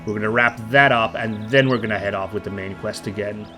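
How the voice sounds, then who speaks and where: A man's voice: on the low side, fairly even intonation, fairly quick, sharp tone, soft background music. A man hosting a let's play, chatting casually and rambling upbeat while a little stuffy and nasal from a cold. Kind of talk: casual gameplay commentary.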